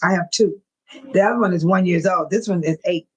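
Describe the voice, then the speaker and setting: An older woman hosting a casual livestream from home, talking straight to her viewers in chat, emotional and quick to bless and pray. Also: on the low side, slightly rough, low-quality recording. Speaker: livestream host.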